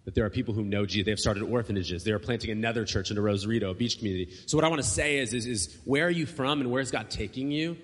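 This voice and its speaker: Pastor preaching in a reverberant hall. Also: male voice, on the low side, racing, few pauses. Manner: conversational preaching with frequent fillers and restarts. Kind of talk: sermon.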